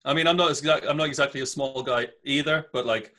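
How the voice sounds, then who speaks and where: A man from near Newcastle with a softened Northern English accent, chatting casually as a podcast guest and swearing freely. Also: medium pitch, quick pace. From England, near Newcastle. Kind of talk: casual chat.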